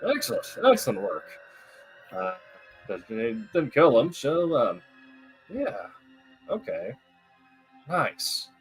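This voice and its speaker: A man voicing a relaxed, easygoing vampire baron who talks like a pleased boss, with halting fillers. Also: mid-range voice, faint music behind, heavily acted. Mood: laid-back.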